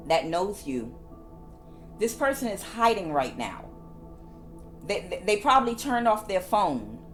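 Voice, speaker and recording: Woman tarot reader, lilting and animated delivery, hammers points by repeating herself. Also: on the low side. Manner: repeats phrases emphatically. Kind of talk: casual spiritual reading.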